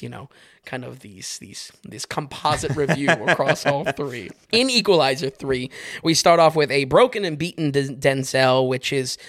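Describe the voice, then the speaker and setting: A man co-hosting a podcast, reviewing films in casual chat, wry and quick to laugh at his own stories. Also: medium pitch, fairly bright tone, dry recording, studio quality. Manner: wry, laughs often while telling stories. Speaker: film reviewer, podcast co-host.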